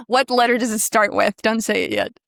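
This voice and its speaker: A woman coaching pronunciation on a video call, demonstrating sounds and drifting into vocal fry at phrase ends. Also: fairly high pitch, moderate pace, fairly bright tone, dry recording, clean studio sound. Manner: encouraging, demonstrative, drills sounds. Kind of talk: online one-on-one pronunciation lesson.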